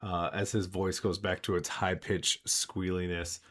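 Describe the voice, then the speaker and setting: A man's voice: sits low, level tone, unhurried, fairly bright tone. A man acting as game master, narrating a tabletop game and explaining the rules loosely and conversationally.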